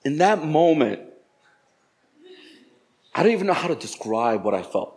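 A man with a slightly higher-than-usual voice tells a personal story in a casual, lively way. He acts out each exchange, and his voice leaps up high and loud when he plays the other people. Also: moderate pace. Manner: animated, acts out dialogue with jumps in pitch and loudness.

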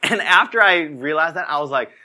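A man's voice: a little high, lively intonation, a little fast, sharp tone. A young man giving a casual, conversational sermon, telling stories and filling his talk with "like". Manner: casual storytelling, fills talk with "like". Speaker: preacher.

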